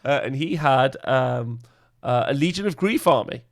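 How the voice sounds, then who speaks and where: A man's voice: mid-range voice, animated, moderate pace, gravelly. A man hosting a tabletop wargaming podcast, talking casually and rambling with plenty of filler. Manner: rambling, lots of filler uhs and laughs. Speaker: podcast host. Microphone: podcast microphone.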